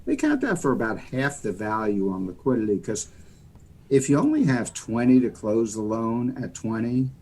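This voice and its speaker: A man's voice: medium pitch, very animated, normal speed, a little mellow, breathy edge. A man from the United States, a mortgage lender guest on a podcast, explaining loans in a folksy, rambling way. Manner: folksy, rambling explanations full of "you know". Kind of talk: casual podcast interview.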